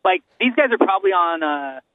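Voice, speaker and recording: A man's voice: high-pitched, animated, no echo, narrow, tinny audio. A man co-hosting a podcast in casual chat, joking and agreeing as he talks. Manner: chatty, joking, quick to agree.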